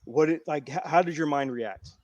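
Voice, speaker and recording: A man co-hosting a podcast, an excitable comic fan chatting about a movie and sharing comic trivia. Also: normal speed, no room sound, highs cut off. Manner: excitable fan, nerdy comic trivia, swings his pitch. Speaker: podcast co-host. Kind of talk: casual movie review chat.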